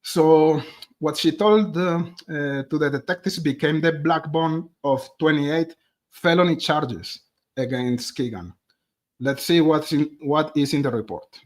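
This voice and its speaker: A man talks his viewers through a case on a live stream. His voice sits a little high for a man, and his delivery is loose and conversational, full of asides to the audience. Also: unhurried. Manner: chatty, addresses viewers directly as "guys". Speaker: true crime streamer.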